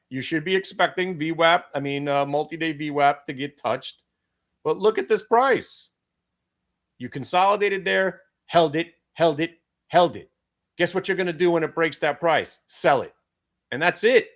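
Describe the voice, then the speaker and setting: A man's voice: a little high, fairly bright tone. A middle-aged man with a Brooklyn accent hosting a live day-trading stream, brash, profane and full of joking asides. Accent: Brooklyn New York. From Brooklyn, New York. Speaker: day-trading show host.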